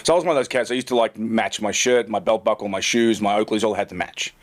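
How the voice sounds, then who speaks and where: A man's voice: fairly low pitch, fast talker. A middle-aged man, a tour caddy and co-host, telling rambling, self-mocking stories in casual chat full of fillers.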